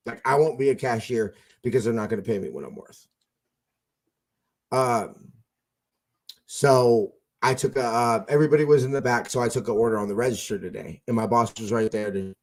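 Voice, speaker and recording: A man's voice: fairly low pitch, brisk, a little mellow. A man hosting a casual fan podcast over an internet call, telling rambling stories full of fillers and restarts. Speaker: podcast host.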